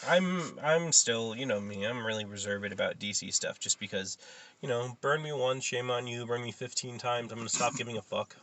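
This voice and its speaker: A man's voice: medium pitch, normal speed, fairly bright tone. A man co-hosting a casual pop-culture chat, opinionated and cynical in his takes. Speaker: podcast co-host.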